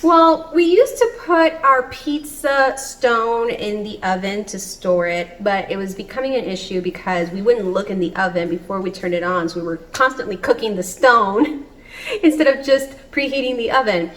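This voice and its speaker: A woman's voice: medium pitch, moderate pace, a bit bright, rough recording. A woman in her thirties chatting in a casual home vlog from her kitchen, upbeat and laughing often. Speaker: vlogger.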